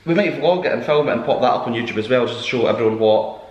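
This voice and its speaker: A man co-hosts a relaxed home podcast, chatty and teasing as he rambles and restarts his sentences. His voice sits in an ordinary middle pitch. The room around him rings with a noticeable echo. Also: fast talker, highs cut off. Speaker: podcast co-host. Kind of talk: casual chat. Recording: roomy echo.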